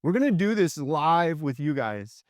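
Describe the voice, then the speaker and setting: Excited middle-aged man hosting his channel. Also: a little high, measured pace, dry recording, clean studio sound. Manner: enthusiastic, animated. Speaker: channel host. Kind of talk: casual video chat.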